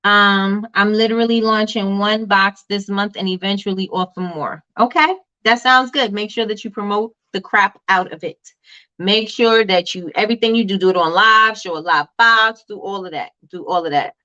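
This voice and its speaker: A woman hosting a live business tips stream, chatting casually and reading viewer comments in a loud, animated way. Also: medium pitch, moderate pace, muffled recording. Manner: loud, animated and repetitive, talks straight to viewers.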